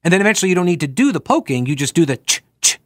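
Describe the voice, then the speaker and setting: A man's voice: fairly high pitch, sing-song, racing, no room sound, clean studio sound. A man hosting a talk radio show, delivering an opinion monologue full of sarcastic, jokey asides.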